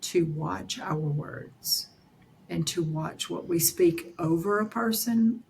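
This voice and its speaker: A woman's voice: fairly low pitch, slow pace, vocal fry, darkish tone, slight background noise, low-quality recording. A woman hosting a talk, speaking earnestly with emphatic repetition. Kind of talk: casual talk.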